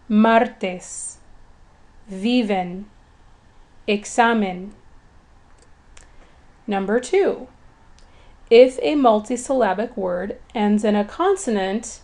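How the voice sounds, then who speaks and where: A woman narrates a language lesson with a clear, patient delivery. Her voice sits a little on the high side, and she explains each rule to beginners in an encouraging, steady manner. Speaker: Spanish teacher.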